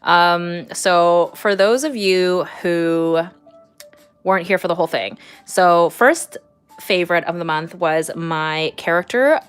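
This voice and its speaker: A young woman talks on a relaxed livestream from home. She rambles and fills her sentences with ums and little laughs. Her voice sits a little low for a woman. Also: slow pace, smooth, faint music behind. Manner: chatty, rambling, with many fillers and laughs. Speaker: artist streaming live. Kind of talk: casual livestream chat.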